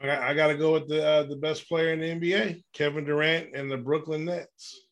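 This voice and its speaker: A man's voice: fairly high pitch, level tone, brisk. A man co-hosting a casual sports podcast, arguing and needling the others. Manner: argumentative, needling. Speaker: co-host.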